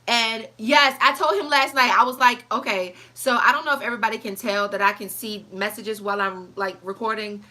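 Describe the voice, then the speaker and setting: Young woman chatting to her camera, bright voice pitched a bit high, gets really animated telling stories. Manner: animated storytelling, chatty, reads live comments. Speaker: vlogger. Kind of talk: casual chat to camera.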